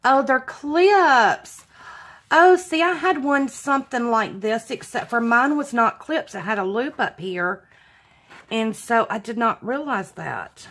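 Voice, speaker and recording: A woman's voice: on the high side, animated, a little slow, pushed and bright. A woman hosting a casual craft unboxing vlog, gushing and exclaiming over everything she opens. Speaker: craft channel host.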